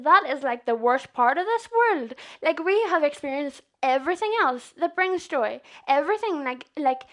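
A young woman from Northern Ireland, with a Northern Irish accent and a high-sitting voice, gives an informal sermon in a chatty, earnest way. She often turns to her listeners with questions, and the talk feels loose and unscripted, closer to a conversation than a formal sermon.

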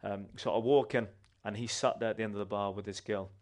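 A man, a church member giving a personal testimony in an animated, conversational way with restarts. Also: on the low side, fast talker.

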